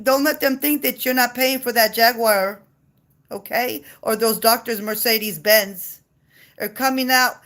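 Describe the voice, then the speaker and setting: A woman's voice: high-pitched, fairly bright tone. Woman, impassioned rant, blunt and profane, repetitive delivery. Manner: passionate, blunt, swears freely, repeats herself. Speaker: mother ranting on video. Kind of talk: heated monologue rant.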